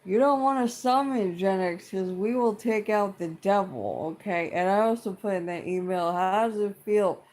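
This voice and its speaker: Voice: medium pitch, lively intonation, moderate pace, few pauses, darkish tone. A middle-aged vlogger delivering a casual, profane rant to camera, blunt and exasperated, swearing constantly and circling back on the same points. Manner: blunt and exasperated, heavy swearing, repeats itself.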